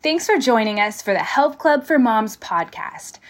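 A woman's voice: a little high, sing-song, unhurried, soft background music. A young woman hosting a devotional podcast, reading scripture and praying in a heartfelt way. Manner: heartfelt, prayerful, repeats "God" and "Father".

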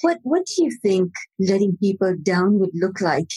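A woman's voice: medium pitch, very animated, normal speed, dark tone, husky, poor audio. A woman hosting an interview, encouraging and prompting her guest with questions. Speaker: host.

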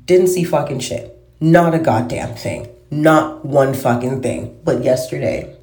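A woman's voice: deep voice, a little mellow. A woman vlogger in a casual monologue, ranting with heavy swearing and exasperation. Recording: roomy echo.

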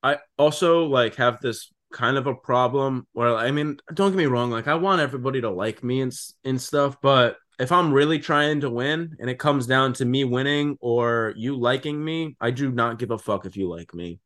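A man's voice: medium pitch, moderate pace, hardly any pauses, fairly bright tone. A man in his twenties co-hosting a casual podcast, talking bluntly with lots of "like" and "dude" and free swearing. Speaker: podcast co-host.

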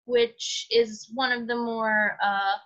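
A woman's voice: on the high side, steady tone, slow, a bit bright, lo-fi sound. A woman co-hosting a podcast, chatting casually and laughing often, with lots of fillers. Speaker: podcast co-host.

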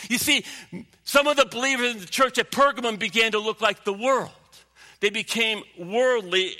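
A man preaching a sermon as pastor, emphatic, sinking low and quiet for stories. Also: long reverb tail. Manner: emphatic preaching, drops low and quiet when telling a story.

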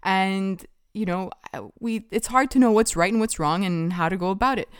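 Mom hosting a parenting podcast, smooth lowish voice, thinks out loud, dry sound. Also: female voice, moderate pace, dry recording. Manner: asks questions, thinks aloud with fillers. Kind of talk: casual podcast chat.

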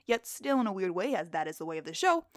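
A woman hosts a podcast, reading scripted animal facts in a playful, jokey, self-deprecating style and quizzing herself in a game-show bit. Her medium-pitched voice swings widely and moves fast, with slight background noise.

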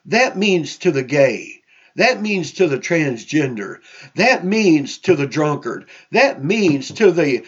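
A man preaching a sermon slowly and emphatically, repeating phrases for stress, with frequent "you know" fillers. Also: fairly high pitch, breathy edge, highs cut off.

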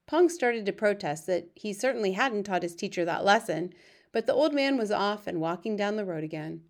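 A woman reading a children's novel aloud in measured scripted narration. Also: mid-range voice, lively intonation. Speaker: audiobook narrator.

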